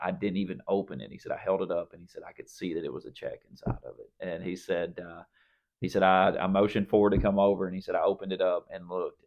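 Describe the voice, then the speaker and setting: A man with a very low, deep voice chats casually on a faith podcast. He tells his story in a loose, rambling way, circling back with fillers and restarts. The sound is a bit dull and lo-fi. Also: gravelly. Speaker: podcast co-host.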